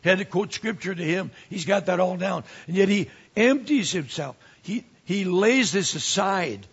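A man who is a pastor, preaching a sermon with animated swings from quiet asides to emphatic rises. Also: sits high, a little slow, husky, dull audio.

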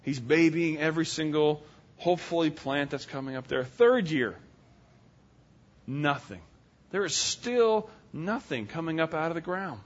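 Male preacher, high-pitched, animated storyteller, muffled lo-fi recording. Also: measured pace. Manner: animated, folksy, acts out characters. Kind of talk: sermon storytelling. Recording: dull lo-fi sound.

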